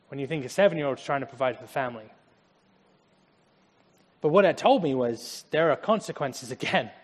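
With a long hall reverb behind him, a man delivers a conversational sermon that blends scripture with personal anecdotes and casual asides. His voice sits on the high side and has a breathy edge.

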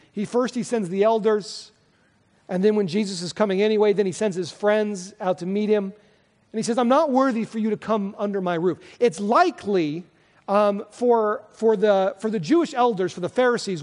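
Pastor guy giving a sermon, kinda high voice, loose and chatty, lots of restarts, big echoey church. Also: darkish tone. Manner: earnest, conversational preaching with frequent restarts.

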